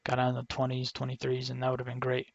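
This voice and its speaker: Rambling man with a gravelly voice. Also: medium pitch, completely flat delivery, quick pace, dry recording, dull audio. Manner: rambling, frequent restarts and self-quotes. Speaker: day trader vlogger. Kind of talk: casual screen-share commentary.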